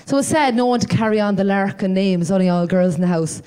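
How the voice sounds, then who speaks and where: A woman's voice: mid-range voice, fast talker, smooth. Irish woman doing rambling stand-up. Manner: rambling, self-deprecating, dark humour. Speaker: stand-up comedian. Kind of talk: stand-up comedy set. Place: live stage at a comedy night.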